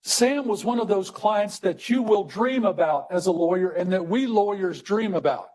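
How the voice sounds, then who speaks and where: A middle-aged man from Texas tells a personal story to an audience in a conversational way. His voice sits fairly high, and he slows right down to stress key words. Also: expressive, a little mellow. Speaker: speaker. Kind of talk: storytelling talk.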